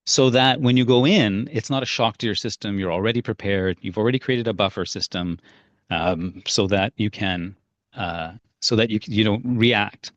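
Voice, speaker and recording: Telling stories in a casual style, this parenting-workshop leader often uses fillers and starts his sentences over. He speaks at normal speed with a voice on the low side. The recording is dry, and the highs are cut off.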